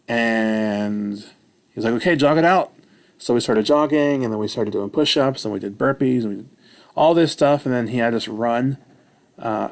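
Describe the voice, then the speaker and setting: Gravelly man rambling through a story. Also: medium pitch. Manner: self-mocking, animated retelling. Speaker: vlogger.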